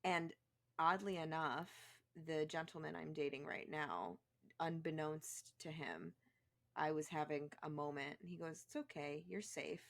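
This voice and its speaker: A woman with a notably low voice, a guest on a podcast. She talks in a candid, chatty, reflective way. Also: fairly even intonation, a little slow. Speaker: podcast guest, co-host of another show. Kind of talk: podcast conversation.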